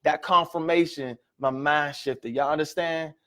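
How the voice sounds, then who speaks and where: Male motivational speaker, fairly high voice, animated storyteller working the room. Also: a little slow. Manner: animated storytelling, repeated "right?" and "ladies and gentlemen". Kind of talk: presentation to an audience.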